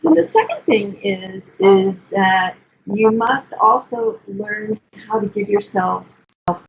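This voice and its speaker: Older woman therapist, calm and soothing, slightly gravelly, dull lo-fi recording. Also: mid-range voice, slow pace, a little hiss or hum. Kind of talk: conversational teaching.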